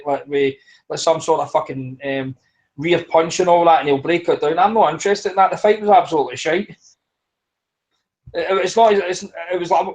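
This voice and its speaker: A man's voice: on the high side, darkish tone, poor audio. A man co-hosting a podcast, ranting bluntly in casual talk with heavy swearing. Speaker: podcast co-host.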